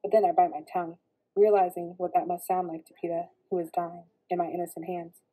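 A woman reading a novel aloud in steady first-person narration. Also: on the low side, a little fast, poor audio. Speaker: reader.

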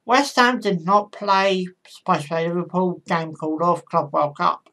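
This football channel host is a woman who speaks at a normal pace, her lowish voice slightly bright. She talks through match predictions offhandedly, pausing on frequent ums and stopping to correct herself.

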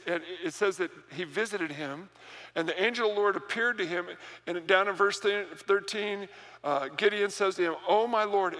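A man preaching a sermon as pastor, animated and repeating words as he builds to a point. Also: high voice. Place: church sanctuary. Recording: reverberant church hall.

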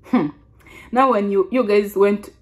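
A woman's voice: mid-range voice, unhurried. Chatty young Kenyan woman vlogging. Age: 20s. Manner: chatty, animated, laughs often, restarts sentences. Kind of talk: casual storytelling vlog.

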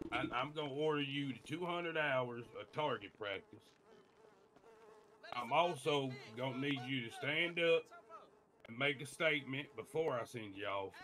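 A man's voice: mid-range voice, bright, forceful tone. A man in a gaming roleplay, playing a police officer who lays out a deal in a bossy way. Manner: bossy, dealmaking tone.

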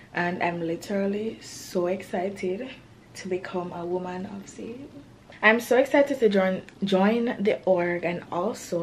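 A woman's voice: medium pitch, a little mellow, slight background noise. A young woman, a college student, chatting casually to camera in a vlog, full of "like" and a little self-conscious. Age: young adult. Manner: chatty, peppered with "like".

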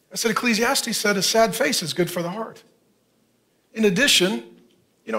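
A man's voice: sits high, fairly bright tone. A middle-aged male pastor preaching a sermon, reading scripture aloud and speaking earnestly and directly to his congregation.

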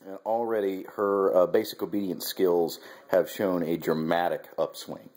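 A man's voice: deep voice, fairly even intonation, moderate pace, darkish tone. A man casually explaining dog training in a vlog, rambling, with fillers and restarts. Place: at home, then outdoors with a dog.

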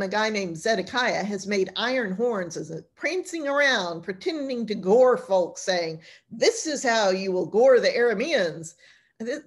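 A woman's voice: medium pitch, slightly rough. Chatty woman pastor teaching Bible class. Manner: chatty, colloquial storytelling. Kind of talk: informal Bible lesson.

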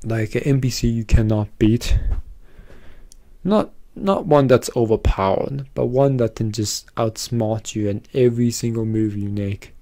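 A man's voice: mid-range voice, measured pace, dark tone. An exhausted man rambling through an unscripted vlog, repeating himself and mocking himself as he goes. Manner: rambling, repetitive, self-mocking. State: exhausted, worn out. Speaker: YouTuber.

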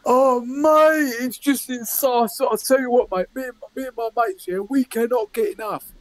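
A man doing improvised comedy banter, rambling and deadpan, with mock-aggressive threats. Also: very high-pitched, normal speed.

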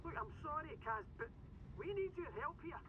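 A man's voice: extremely high pitch, expressive, normal speed. A man playing a Scottish rig worker speaking over a radio in a video game, urgent and coaxing. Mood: consoling. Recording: dull radio line with heavy static.

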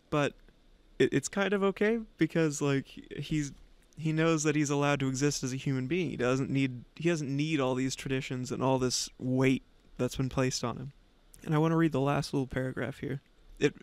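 A man's voice: medium pitch, clear, resonant tone, no echo. A young man hosting a book vlog, retelling a story in a rambling, informal way and reading passages aloud. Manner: rambling, informal, swears lightly. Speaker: book vlogger.

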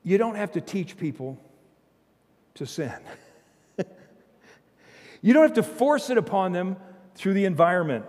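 Emphatic high-voiced preacher in a reverberant church. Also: male voice, very animated, unhurried, pauses often. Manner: emphatic preaching, swings from loud bursts to low intensity; humorous asides with chuckles. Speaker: pastor. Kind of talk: sermon. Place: church sanctuary.

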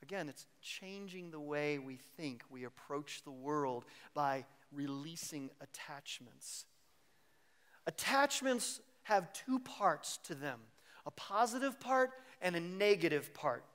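Animated male pastor preaching a sermon. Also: a little high, slow pace. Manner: animated preaching that acts out worried inner voices.

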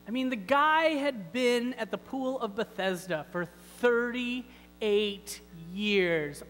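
A man's voice: very high voice, lively intonation, slow pace, fairly bright tone, long reverb tail, rough recording. A man preaching a sermon in a church, talking in a conversational, wry way with many rhetorical questions. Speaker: pastor. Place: church sanctuary.

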